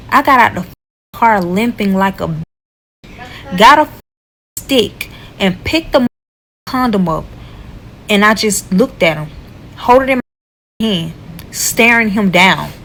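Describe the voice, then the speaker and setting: A woman telling a casual storytime, blunt and profane, animated as she retells what happened. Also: medium pitch, slight background noise, low-quality recording.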